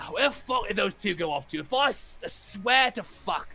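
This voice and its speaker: A man's voice: high-pitched, expressive, moderate pace, creaky, bright, forceful tone, voice pushed up, full character voice. A man voicing an overbearing, foul-mouthed female goblinoid gang boss with a northern English accent and harsh, cursing speech. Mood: angry.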